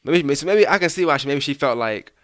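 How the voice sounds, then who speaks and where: A man's voice: fairly high pitch, animated, fast talker, a bit bright, no room sound, studio quality. A man co-hosting a casual podcast, reading out text messages and chatting with a laugh now and then. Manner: reads out texts, laughs often. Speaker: podcast co-host. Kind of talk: casual chat.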